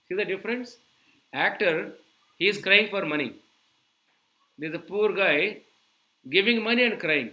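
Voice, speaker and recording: A man giving a sermon, animated and full of rhetorical questions to his audience. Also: sits high, low-quality recording. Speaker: preacher.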